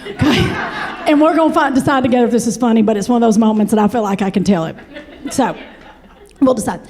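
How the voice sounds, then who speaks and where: A woman in her forties with a Kentucky accent, telling a stand-up story in a chatty, animated way and talking straight to the audience. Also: a little high, fast. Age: 40s. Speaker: comedian.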